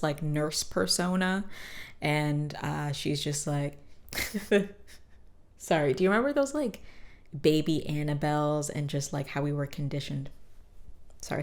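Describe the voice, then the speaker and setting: A woman hosting a podcast, casually recapping a cartoon episode with swearing and quick character voices. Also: deep voice. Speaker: podcast host.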